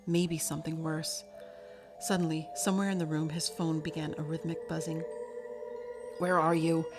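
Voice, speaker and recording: A woman with a low voice reading a novel aloud in a steady, measured storybook manner. Clear background music plays beneath her narration throughout.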